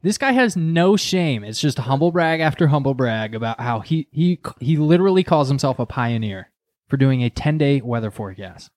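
A man co-hosting a podcast, ranting and swearing in casual chat, mocking people with quick impressions. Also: mid-range voice, animated, a little mellow, dry recording, studio quality. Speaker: podcast co-host.

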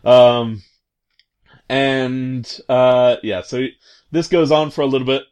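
A man's voice: mid-range voice, fairly even intonation, slow, darkish tone, smooth. A man casually retelling a video game scene, rambling and hesitant, full of fillers and amused asides. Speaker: commentator recounting a video game.

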